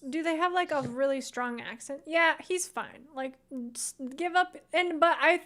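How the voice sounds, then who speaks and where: A woman's voice: sits high, moderate pace, a crowd in the background. A woman co-hosting a podcast, talking bluntly in casual slang and laughing along. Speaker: podcast co-host. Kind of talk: casual chat.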